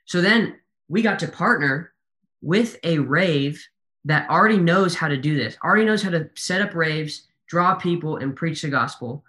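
Bright, casual young man telling a story. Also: fairly high pitch, expressive. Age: young adult. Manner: casual, quick retelling with quoted dialogue. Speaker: guest. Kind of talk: storytelling in conversation.

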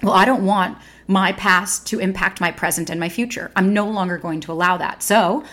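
A woman's voice: mid-range voice, moderate pace, a bit bright. A young adult woman hosting a podcast, talking candidly and bluntly, swearing freely and acting out inner voices. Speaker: podcast host. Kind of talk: candid solo podcast talk.

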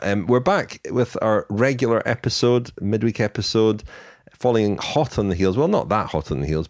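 A man's voice: fairly low pitch, no room sound, studio quality. A man hosting a podcast in casual, jokey chat, teasing his co-hosts. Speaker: podcast host.

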